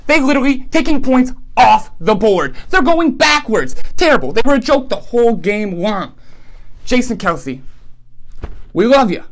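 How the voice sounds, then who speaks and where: A man's voice: extremely high pitch, sing-song, moderate pace, a bit bright. A man hosting a comedic football betting recap, ranting animatedly and throwing out rhetorical questions. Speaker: sports betting show host.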